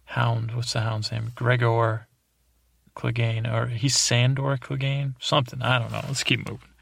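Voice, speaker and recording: A man's voice: medium pitch, little pitch movement, a little slow, creaky, a bit bright, dry recording, studio quality. A man hosting a sleep podcast, rambling and meandering through an episode recap with drowsy, self-deprecating asides. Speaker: podcast host.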